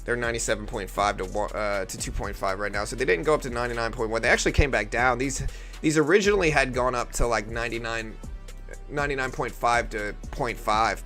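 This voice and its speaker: A man with a faint Louisiana accent, from near New Orleans, hosts a live day-trading stream, chatting casually and answering chat as he thinks aloud. His voice is medium-pitched and a little fast, and he sounds relaxed, with soft music in the background.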